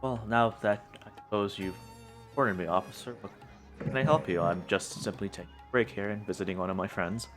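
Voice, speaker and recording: Man playing old replicant butterfly seller, evasive, low voice, tabletop game. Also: brisk, music in the background, lightly acted. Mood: wary.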